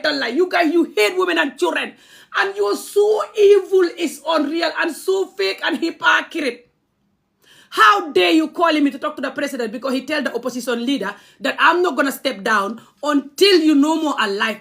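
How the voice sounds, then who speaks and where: A woman's voice: sits high, vocal fry, a bit bright. A young adult woman from the Gambia, ranting angrily on a livestream. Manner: impassioned, angry, confrontational. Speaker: vlogger. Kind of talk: livestream rant.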